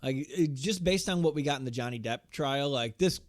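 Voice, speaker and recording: A man's voice: mid-range voice, brisk. Man joking through a wrestling recap. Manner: joking, quotes wrestlers in put-on lines. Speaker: podcast co-host. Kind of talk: casual chat.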